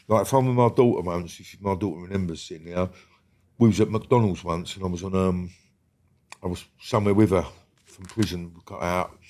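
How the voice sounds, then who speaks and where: Blunt sweary man, low voice. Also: darkish tone. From England. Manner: blunt and sweary, peppers talk with "mate" and "yeah?". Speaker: guest, former prisoner. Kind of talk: candid storytelling interview.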